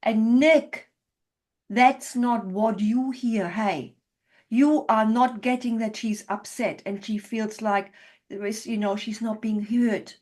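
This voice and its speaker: A woman couples therapist demonstrating a session to a group, speaking gently and checking in often to validate what she hears. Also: a little high, steady tone, slow pace.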